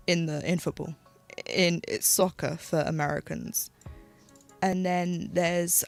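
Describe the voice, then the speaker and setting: British woman streamer, casual and rambling, a little gravelly, with faint music behind her. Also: fairly low pitch, fairly even intonation, a little slow. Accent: British English. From United Kingdom. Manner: chatty, rambling, with frequent "like" and restarts. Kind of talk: casual chat while stitching on a live stream.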